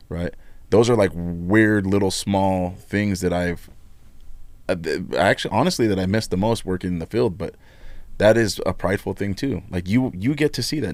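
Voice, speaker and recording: Heard with no echo, a middle-aged man from Nevada speaks in a fairly low voice as a podcast guest. He's a union leader, frank and lively in a relaxed interview, with blunt phrasing and frequent repetition.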